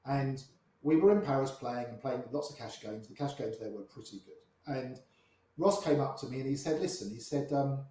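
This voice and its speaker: This older grey-haired man speaks at normal speed in a mellow, mid-range voice, a poker player guest in a storytelling interview. He relates anecdotes from poker and performs the voices of those involved, recorded in an echoey room.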